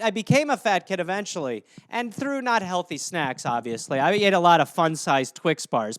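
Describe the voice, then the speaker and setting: A man with a high, smooth voice rambles through comedy riffs and pokes fun at himself. The sound is dry and close to the mic, with lively pitch swings. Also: no echo. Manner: rambling, self-mocking jokes. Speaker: podcast host. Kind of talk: solo comedy podcast riffing.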